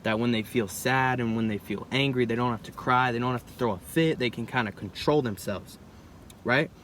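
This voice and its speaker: A man's voice: mid-range voice, moderate pace, a bit bright, slight background noise. A young man in a casual, reflective monologue, rambling and often tagging lines with "bro" and "right?". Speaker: vlogger.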